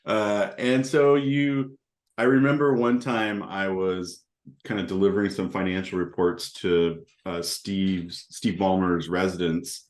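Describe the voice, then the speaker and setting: Deep-voiced man telling easygoing stories. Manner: easygoing storyteller, chuckles between points. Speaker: panelist. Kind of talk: casual anecdotal panel talk. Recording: roomy echo.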